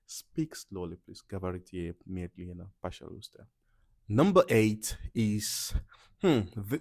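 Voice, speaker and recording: A young man from Nigeria, casually teaching travel phrases to camera in an animated, playful way with loud acted-out reactions. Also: lowish voice, no room sound, studio quality. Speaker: language teacher.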